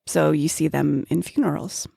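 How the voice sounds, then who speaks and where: A woman's voice: low-pitched, steady tone, normal speed, creaky, warm tone, slightly rough, no echo, studio quality. A woman co-hosting a casual podcast chat, teasing her co-host and reading from her notes on flower meanings. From grew up near Mount Graham, Arizona.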